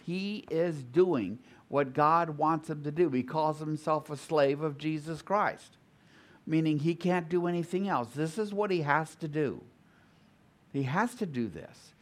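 Slow, thoughtful man leading Bible study. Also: mid-range voice. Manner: thoughtful, repeats and restarts phrases while reasoning aloud. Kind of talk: group Bible study teaching.

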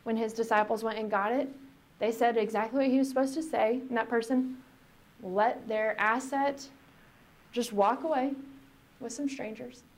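A woman pastor reading scripture aloud and preaching in a reflective, conversational way, slowing down for emphasis. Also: on the high side, steady tone.

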